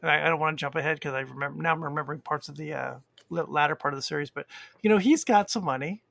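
A man's voice: a little high, racing, vocal fry, a bit bright, dry recording. A man in casual chat about a TV series, speaking thoughtfully and reflectively, often restarting his sentences.

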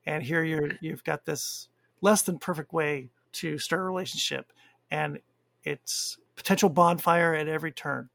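A man's voice: fairly high pitch, steady tone, moderate pace, gravelly, a bit bright, dry recording. A man in casual chat about a TV series, speaking thoughtfully and reflectively, often restarting his sentences.

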